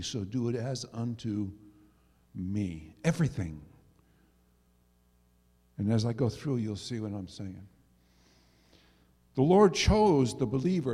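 A middle-aged male pastor preaching a sermon, dropping to soft asides and rising to loud emphasis. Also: mid-range voice, husky. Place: church sanctuary. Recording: long reverb of a church hall.

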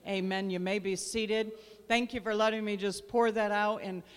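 A woman guest minister prays and preaches in a church sanctuary, her phrasing fervent, repetitive, and emphatic. Her medium-pitched voice is clear and resonant, steady in tone, at a normal speed. The recording carries the long reverb of a large church hall.

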